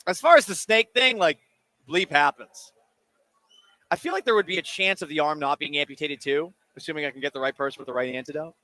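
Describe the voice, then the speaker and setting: A man's voice: on the high side, a little fast. A man hosting a sports radio show, chatting casually and joking with listeners' questions. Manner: animated, jokey, talks while eating. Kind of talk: casual call-in radio talk. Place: radio studio. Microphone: studio microphone.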